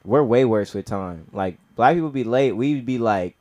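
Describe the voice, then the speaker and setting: Young guy, Nigerian heritage, open-mic stand-up; middle-pitched, slangy, rambling, spikes loud when acting out bits. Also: animated, moderate pace. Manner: rambling, heavy slang, frequent "you feel me" and "bro"; gets loud and high-pitched acting out stories. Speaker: stand-up comic. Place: comedy club open mic.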